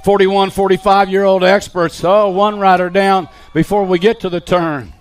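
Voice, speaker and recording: A man giving live BMX race commentary, calling riders and positions in an excited play-by-play. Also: sits high, normal speed. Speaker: race announcer.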